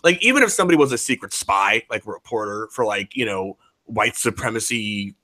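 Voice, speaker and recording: A blunt, opinionated man talks casually on a podcast and swears freely. His voice is bright and forceful at a middling pitch. The recording is dry. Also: lively intonation, fairly quick, dry recording. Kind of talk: casual chat.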